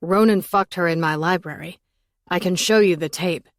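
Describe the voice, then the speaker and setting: A woman's voice: lowish voice, moderate pace, no echo, studio quality, close to an everyday voice. A woman reading an audiobook, voicing an obsessive man whose desperate pleading turns threatening. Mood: insistent. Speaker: audiobook narrator voicing a character.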